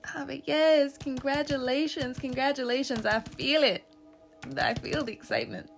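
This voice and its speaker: A woman's voice: sits high, moderate pace, vocal fry, faint music behind. A woman giving a casual tarot reading, chatty and joking, laughing often and swearing now and then. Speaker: tarot reader.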